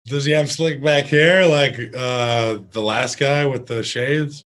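A man's voice: mid-range voice, steady tone, takes it slowly, a bit bright, low-quality recording. A young man co-hosting a podcast in casual chat, blunt and joking. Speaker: podcast co-host.

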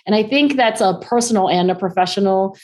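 A woman in her forties, a guest on an interview show, talking fast and filling her speech with "like" and "um". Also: medium pitch. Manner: animated, acts out quoted dialogue in raised voices. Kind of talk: conversational interview.

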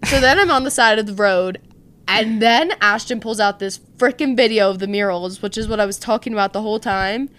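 A woman's voice: medium pitch, fairly quick. A young woman hosting a podcast, telling a story in casual chat and acting out the quotes. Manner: animated storyteller, acts out quotes. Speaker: podcast host.

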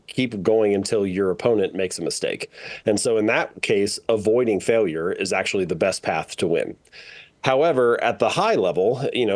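A man who is an author, a guest on a podcast interview, answering questions in a measured, explanatory way with frequent ums. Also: lowish voice, darkish tone.

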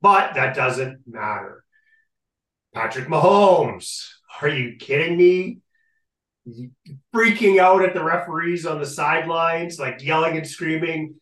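A man co-hosting a casual sports podcast, ranting in an animated way and often repeating his catchphrase. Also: on the high side, slow pace, far from the mic. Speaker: podcast co-host. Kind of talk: casual sports talk rant. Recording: echoey room, off-mic.

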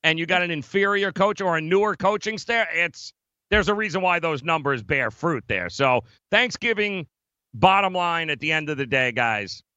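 Lively, bright-voiced male betting co-host. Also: a little high, normal speed, dry recording, muffled recording. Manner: emphatic, laughs often, addresses co-host by name. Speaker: sports betting show co-host. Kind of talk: casual sports betting talk.

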